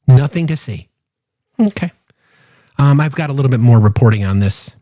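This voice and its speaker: A man's voice: medium pitch, expressive, moderate pace, dark tone, dry recording, muffled recording. A man hosting a political commentary stream, talking in an exasperated, sarcastic way and firing off rhetorical questions.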